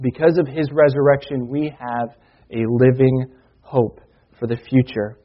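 A man preaching a sermon as pastor, earnest, slowing down for emphasis and reading Scripture with rising force. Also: mid-range voice, level tone. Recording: dull lo-fi sound.

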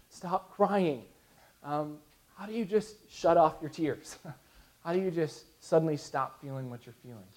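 A man in his thirties preaching a sermon to his congregation, earnest, with frequent restarts. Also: a little high. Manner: earnest, with restarts and soft laughs. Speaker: pastor.

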